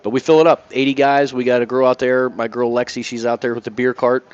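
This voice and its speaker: A man's voice: mid-range voice, level tone, fast, muffled recording. A man who owns a bar, answering interview questions in an easygoing, plain-spoken way. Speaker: bar owner.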